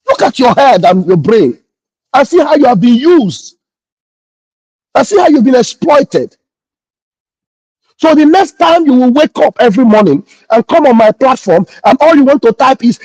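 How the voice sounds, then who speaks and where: A man's voice: very high-pitched, very animated, normal speed, darkish tone, dry recording, lo-fi sound. A man, a pastor hosting a morning livestream, scolding his critics indignantly and repeating his phrases. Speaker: pastor and online host.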